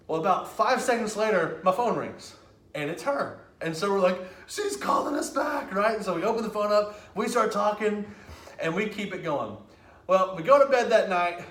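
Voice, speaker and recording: Casting note: man with a fairly high voice, casual storytelling talk from a stage, roomy hall sound. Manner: lively, conversational storytelling with quick asides. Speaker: speaker. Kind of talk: storytelling speech. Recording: echoey hall.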